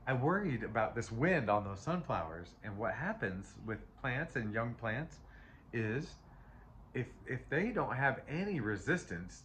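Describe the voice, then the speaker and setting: A man's voice: mid-range voice, fairly bright tone, a little hiss or hum. Rambling man giving a tarot reading. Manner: rambling and self-interrupting, with frequent restarts; chatty and emotional, laughs often. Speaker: tarot reader. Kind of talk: casual spoken tarot reading.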